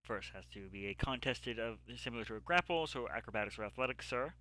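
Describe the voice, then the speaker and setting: A man narrates a tabletop fight as game master, pausing often with fillers as he describes the action. His voice is bright and forward. The sound is dry and close, with little room. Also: medium pitch, lively intonation, dry recording. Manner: halting descriptive narration with many ums. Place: home setup, streamed live.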